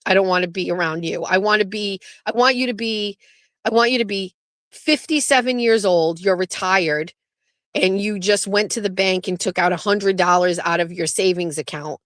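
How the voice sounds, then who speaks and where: A woman's voice: mid-range voice, moderate pace, no room sound, studio quality. A woman hosting her own livestream show, chatting in a rambling, blunt and profane way as she jumps between topics. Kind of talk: rambling casual livestream chat.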